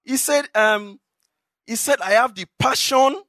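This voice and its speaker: A man with a Nigerian accent preaching in church, telling testimonies in a lively way with bursts of laughter. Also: extremely high pitch, unhurried, no echo, studio quality. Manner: animated storytelling with laughter. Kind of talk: sermon testimony.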